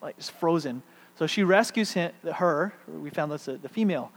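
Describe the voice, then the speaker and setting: A middle-aged man preaching a sermon, shifting between loud emphatic peaks and hushed, quiet stretches. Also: a little high, animated, moderate pace. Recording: long hall reverb, faint mains hum.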